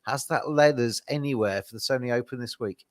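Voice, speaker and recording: A man hosting a casual sports podcast, relaxed and hesitant with fillers, his voice going a little hoarse. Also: medium pitch, fairly quick, no echo, clean studio sound. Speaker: podcast host.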